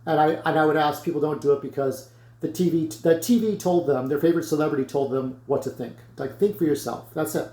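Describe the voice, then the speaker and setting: A man's voice: on the high side, fairly even intonation, fast, warm tone. Blunt, rambling man in an echoey room. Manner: blunt, rambling, swears freely. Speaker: YouTuber vlogging to camera. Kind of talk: casual rant to camera.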